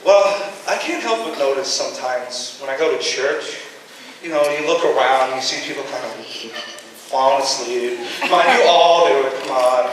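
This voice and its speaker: A teenage boy performing stand-up comedy on a school stage, casual and deadpan with sudden shouted bits, recorded from far off in an echoey hall. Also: mid-range voice, normal speed, background noise. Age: teens. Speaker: student comedian.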